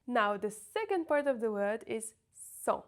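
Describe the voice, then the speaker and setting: A woman teaching pronunciation, sounding out words slowly and carefully to demonstrate each sound. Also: on the high side, very animated. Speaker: French teacher. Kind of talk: pronunciation lesson.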